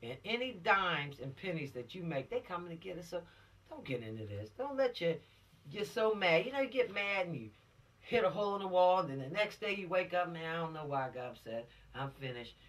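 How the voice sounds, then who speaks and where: A man with a fairly high, bright, sharp-edged voice is giving a casual spoken lesson to teenagers. He talks straight at them, preachy and earnest, with rhetorical questions like a teacher. He sounds set back from the microphone. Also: very animated, a little fast, distant mic. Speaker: teacher of a law video series for teens.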